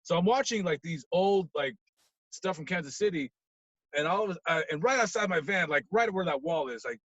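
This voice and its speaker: A man, a podcast guest, animatedly telling a story, acting out scenes and swinging from hushed to loud. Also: a little high, expressive, a little fast, no room sound, highs cut off.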